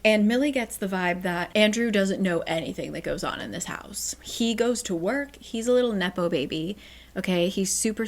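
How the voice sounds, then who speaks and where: A woman hosting a book channel, recapping a novel in a chatty, casual way with sarcastic asides. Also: medium pitch.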